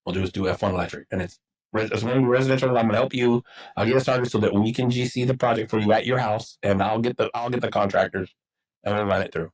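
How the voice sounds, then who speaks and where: A man's voice: on the low side, fairly even intonation, fast, poor audio. A middle-aged man from Texas, a podcast guest and football coach, telling personal stories in casual talk, swearing freely and acting out what people said. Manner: swears freely, acts out quotes, rambling. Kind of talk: casual storytelling.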